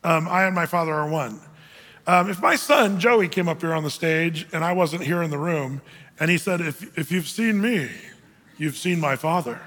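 A man's voice: a little high, normal speed, fairly bright tone. A middle-aged male pastor preaching a sermon in a conversational, self-deprecating way, often restarting his phrases. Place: church hall. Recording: long hall reverb.

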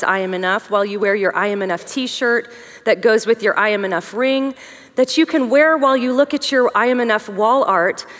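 Woman teaching with joking asides in a hall. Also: on the high side. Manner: conversational, joking asides, lively emphasis. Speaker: women's conference speaker. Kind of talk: humorous teaching talk.

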